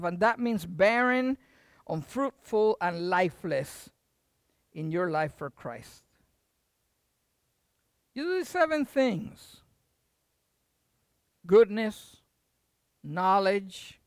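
An older preacher giving a lively sermon, shifting between hushed asides and loud bursts. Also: mid-range voice, slow pace, long pauses, no echo, clean studio sound. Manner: animated, jumps from hushed to loud.

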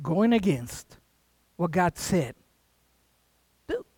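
Preacher man, casual sermon storytelling, lively swinging pitch, dry close sound. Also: drawn-out words, slightly rough, no room sound. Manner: animated, conversational, with sound effects and asides.

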